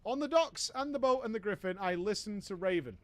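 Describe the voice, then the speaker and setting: A man's voice: sits high, animated, brisk. A man telling a comic story from an online game, wry and exasperated. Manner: wry, exasperated, often laughing. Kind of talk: comic gaming story narration.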